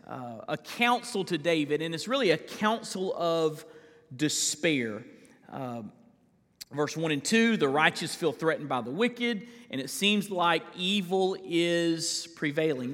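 A man's voice: fairly high pitch, a bit bright. A man preaching a live church sermon as senior pastor, conversational, with fillers and restarts. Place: church sanctuary. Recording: live in a reverberant church hall.

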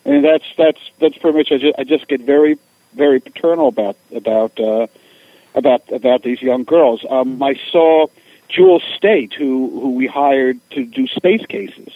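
Speaking at a moderate pace in a mid-range voice, this middle-aged author appears as a guest and spins funny anecdotes, bringing them to life by imitating the people in them. The recording is dry, narrow and tinny.

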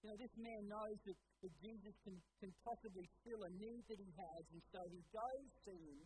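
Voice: mid-range voice, normal speed, a little mellow, a little hiss or hum, rough recording. Earnest preacher addressing the congregation. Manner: earnest, addresses listeners directly with rhetorical questions. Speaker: pastor. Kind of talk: sermon.

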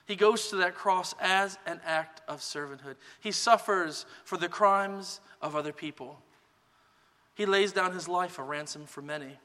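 A man preaching a sermon as pastor, in a relaxed conversational teaching manner. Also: high-pitched, unhurried, long reverb tail. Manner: relaxed conversational teaching, many "kind of" hedges.

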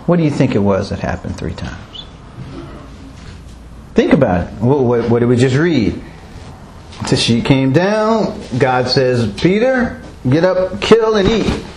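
A man's voice: medium pitch, sing-song, measured pace, vocal fry, pauses often, darkish tone. A man leading a Bible study, asking the group questions and chuckling often as he explains. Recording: roomy echo, faint background noise.

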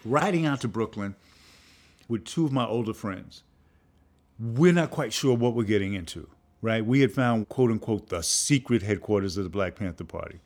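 A man's voice: normal speed, a little mellow. An older man, a filmmaker and professor, telling a story and acting out the voices of people in it. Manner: acts out voices of people in his story, jumping high in pitch. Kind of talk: animated storytelling.

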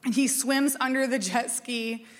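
A woman in her forties from Minnesota, a pastor telling a personal story in a lively, chatty, self-mocking sermon. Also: on the high side, measured pace. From Minnesota, USA. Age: 40s. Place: church sanctuary. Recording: long reverb of a church hall.

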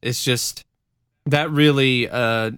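A man's voice: medium pitch, steady tone, takes it slowly, fairly bright tone, clear, resonant tone, no echo, clean studio sound. A man talking in a casual chat, rambling with restarts. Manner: rambling, many fillers and restarts.

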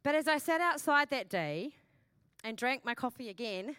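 A woman pastor preaching a sermon in a lively, chatty way, with self-mocking asides and repeated questions to the congregation. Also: sits high, moderate pace, clear, resonant tone, no room sound.

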